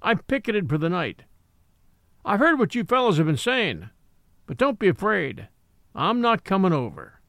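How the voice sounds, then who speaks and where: A man doing a gurgly, rumbly old elephant. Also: very animated, moderate pace, creaky, pauses often, fairly bright tone, dry recording, clean studio sound, heavily acted. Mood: mild. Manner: mild, thoughtful. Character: large gentle nervous male elephant.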